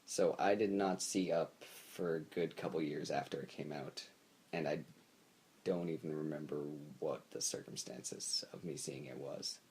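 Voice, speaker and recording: Young male podcast co-host, very low voice, laid-back and halting, casual chat. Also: fairly even intonation, darkish tone. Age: young adult. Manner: laid-back, hesitant, searching for words.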